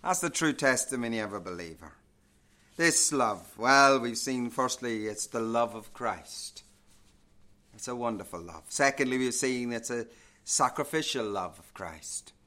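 A man's voice: mid-range voice, expressive, unhurried, pushed and bright. A male pastor preaching a sermon, building emphasis with repeated phrases and rhetorical questions.

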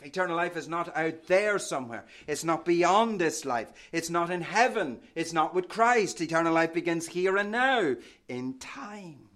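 A man preaching a sermon with passion, quoting old-fashioned scripture, his voice swelling loud and then dropping to a hush. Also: fairly high pitch, expressive, moderate pace, few pauses.

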